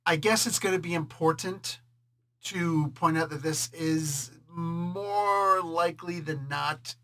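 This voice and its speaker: A man whose voice sits on the high side hosts a laid-back comic book review, full of jokes, frequent laughter and animated energy, quickly switching voices to quote characters.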